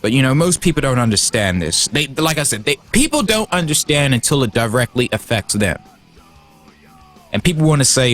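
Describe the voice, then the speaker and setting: A man's voice: medium pitch, sing-song, fairly quick, a bit bright, soft background music. A man hosting a livestream, heated and profane, stumbling over restarts as he gets worked up. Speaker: livestream host. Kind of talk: casual livestream rant.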